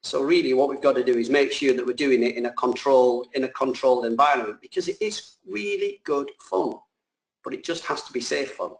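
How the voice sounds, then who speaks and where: A man explains drone work in loose, rambling sentences. He restarts and corrects himself as he talks, at a middling pitch. His voice carries the echo of a roomy space. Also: fairly quick. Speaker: drone pilot and trainer, guest. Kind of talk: casual explanatory answers.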